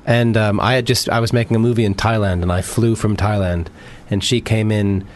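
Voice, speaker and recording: A man in his fifties with an American accent, an actor guest chatting in a relaxed, joking, slightly cheeky way. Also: fairly low pitch, a little fast. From United States. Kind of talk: casual interview chat.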